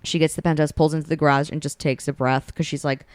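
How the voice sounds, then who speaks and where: Low-voiced woman retelling a story. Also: fast talker, no room sound. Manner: animated retelling, acts out characters' lines. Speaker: podcast co-host. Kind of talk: casual chat, retelling a romance story.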